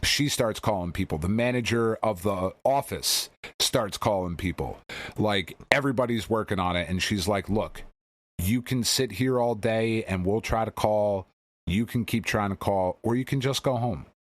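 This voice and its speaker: A man's voice: on the low side, normal speed, dry recording. A man co-hosting a podcast, telling a rambling, candid story in casual chat and swearing often. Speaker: podcast co-host.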